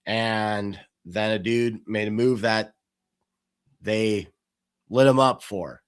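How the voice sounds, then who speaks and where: The host of this casual podcast has a smooth, lowish voice and a slow delivery. He spins stories animatedly and acts out the quotes within them.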